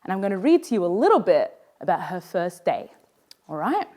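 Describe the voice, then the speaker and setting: Lively woman reading a story aloud. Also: lowish voice, fairly quick. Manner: lively, playful and expressive. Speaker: author reading her book. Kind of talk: storytelling read-aloud for children.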